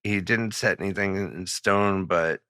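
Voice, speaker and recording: Low, forceful man swearing freely. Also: steady tone, unhurried, clean tone, no room sound, studio quality. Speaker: podcast co-host. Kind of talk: casual chat.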